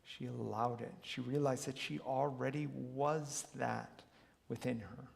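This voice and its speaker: A man coaching a wellness workshop, telling stories with earnest, animated energy. His voice has a gravelly creak, and his words trail off into the long reverb of a large hall. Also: medium pitch, measured pace. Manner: earnest, animated storyteller who acts out quotes. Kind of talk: motivational storytelling talk. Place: large hall, live talk.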